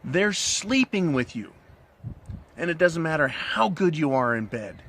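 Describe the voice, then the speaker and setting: A man's voice: a little high, sing-song, measured pace, a bit bright, a little hiss or hum. A middle-aged man giving a crude, blunt, rambling monologue, smoking a cigar and asking "right?" again and again. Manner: smoking a cigar while talking. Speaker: commentary channel host. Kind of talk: casual monologue, talking to the camera.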